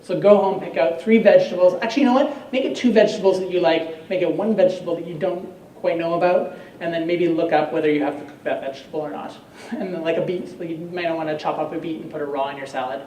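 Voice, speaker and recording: A man's voice: a little high, quick pace, warm tone. A man giving a chatty, joking live cooking demonstration to an audience, heard from a distance in an echoey hall. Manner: chatty, joking, lots of fillers. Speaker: chef giving a cooking demo. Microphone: far from the mic. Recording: echoey hall, distant mic, faint noise.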